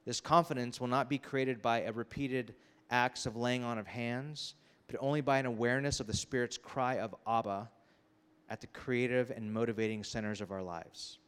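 A man's voice: medium pitch, clean tone. Man preaching in a reverberant hall. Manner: animated, acts out characters, quick asides. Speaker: pastor. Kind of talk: sermon. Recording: long reverb of a large hall.

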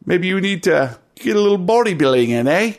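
A man's voice: mid-range voice, slow pace. A man voicing a boastful circus strongman who taunts and mocks his foes. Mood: taunting. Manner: mocking, taunting.

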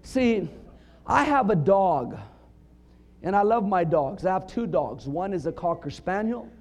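A middle-aged man preaching a sermon, telling funny stories with punchlines and building up to emphatic shouts. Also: high-pitched, sing-song, measured pace. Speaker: pastor.

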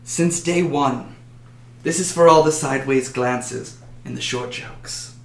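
A man voicing a nervous, scheming male halfling rogue in a high, strained, quick voice. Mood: gloating. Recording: roomy echo.

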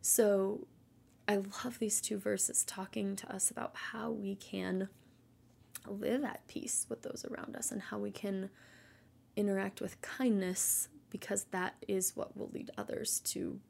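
A Christian mother giving an earnest, gentle devotional talk in a casual way, often dropping to a soft near-whisper. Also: mid-range voice, steady tone, unhurried, creaky, slightly rough.

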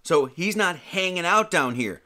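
Lively man preaching a casual sermon. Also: high voice, a little slow. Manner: animated, chatty, many restarts and slang. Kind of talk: casual sermon with Bible reading.

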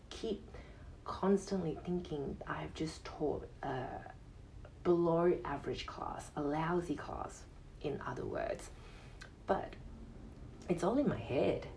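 A male yoga teacher hosting his own podcast, giving an earnest motivational monologue in a high, soft, soothing voice and repeating phrases for emphasis. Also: distant mic, slight background noise, poor audio. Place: casual home podcast setup.

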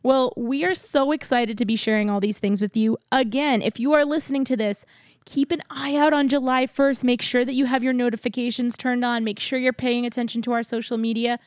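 A woman's voice: on the high side, steady tone, fairly quick, dry recording, studio quality. A young woman co-hosting a podcast in casual chat, giggly, upbeat and enthusiastic. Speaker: podcast co-host.

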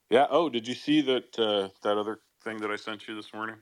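A man's voice: lowish voice, no room sound. A man co-hosting an online chat, talking casually with many fillers. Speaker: podcast co-host.

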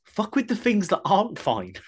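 Casting note: playful female co-host, giggly banter, pitch leaping all over. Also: huge pitch swings, moderate pace, husky. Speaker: podcast co-host. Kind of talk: casual chat.

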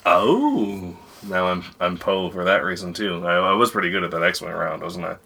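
A woman's voice: rumbling low, expressive, moderate pace, creaky, fairly bright tone, slightly rough. A woman hosting a casual family podcast, playful and jokey, laughing easily at her own puns. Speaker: podcast host.

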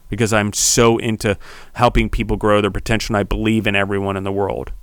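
A man hosting a podcast, delivering a heated, preachy solo monologue that swears and builds to shouting. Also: on the low side, smooth, no echo, studio quality. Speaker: podcast host.

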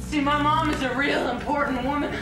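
A woman's voice: high-pitched, steady tone, brisk, close to an everyday voice. A woman playing a crying, pleading captive. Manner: pleading, desperate. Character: young woman held captive, terrified and pleading. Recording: echoey film clip with loud music.

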